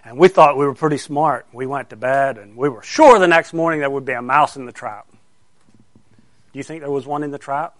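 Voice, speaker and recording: Speaking at a brisk clip in a dry recording, a middle-aged male pastor delivers a children's sermon. His mid-range voice carries a story punctuated by questions to the kids.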